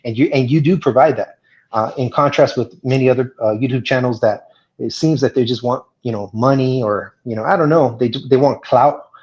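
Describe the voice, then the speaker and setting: A man speaking as a guest in a live chat Q&A, earnest and halting, with many fillers and restarts. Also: medium pitch, darkish tone. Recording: dull lo-fi sound.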